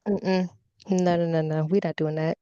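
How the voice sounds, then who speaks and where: A young woman who's a social media influencer guests on a podcast, chatting candidly about dating and trolls. She tells her stories in an animated, petty, sassy way and swears freely. Her smooth voice is on the low side at a moderate pace, and the lo-fi recording has no room sound.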